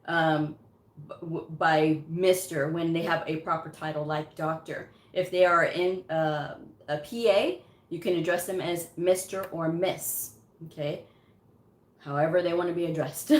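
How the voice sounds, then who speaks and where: A woman's voice: deep voice, fairly even intonation, moderate pace. A woman hosting a casual live chat on her channel, giving career advice on medical coding. She speaks emphatically, repeats her points and chuckles often. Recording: roomy echo.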